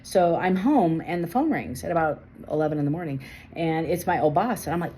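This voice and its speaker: A woman in her forties with a low voice reads tarot cards in a casual, chatty way. She is emphatic and animated, hammering points home by repeating them. A faint hiss of noise sits under her voice. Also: brisk, low-quality recording. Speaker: tarot reader. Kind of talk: casual tarot reading with personal storytelling.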